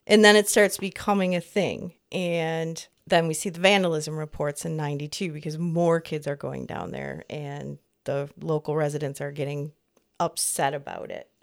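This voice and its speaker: A woman's voice: low-pitched, moderate pace, creaky. A woman in her fifties co-hosting a podcast, chatting in a rambling, easygoing way and laughing often. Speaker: podcast co-host. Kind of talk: casual chat.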